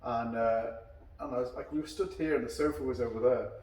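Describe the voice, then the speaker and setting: A man's voice: mid-range voice, fairly even intonation, a little fast, a little mellow. A man hosting a casual podcast chat over a beer, telling long anecdotes and acting out what others said. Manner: long rambling anecdotes, acting out quoted dialogue. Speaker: karate instructor and podcast host. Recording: echoey room, mic at a distance.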